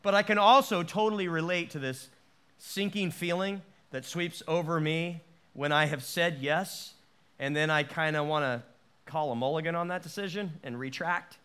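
A man preaching a sermon with a notably high voice. He delivers it animatedly, restarting phrases and acting out the quotes he tells. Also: normal speed, fairly bright tone, clean tone. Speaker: pastor.

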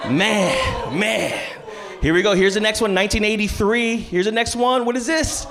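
A pastor in his thirties leads a family-style church service, his voice sitting high for a man. He keeps it playful and lively, teasing the congregation and pulling answers out of them before sliding into the sermon. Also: moderate pace, vocal fry. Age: 30s. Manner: lively, playful crowd work with call-and-response. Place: large church auditorium.

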